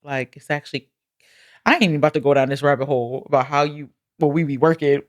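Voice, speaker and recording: A woman's voice: sits low, fast talker. A woman co-hosting a podcast, speaking passionately and teasing her co-host in casual chat. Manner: passionate, teasing, playful and emphatic.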